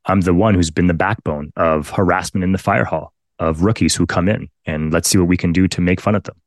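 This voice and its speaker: A man's voice: low voice, fairly even intonation, a little fast, hardly any pauses, no room sound, clean studio sound. A man from Canada, a firefighter in his thirties, telling his story candidly with blunt, profane emphasis and repeated phrases. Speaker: podcast guest, firefighter.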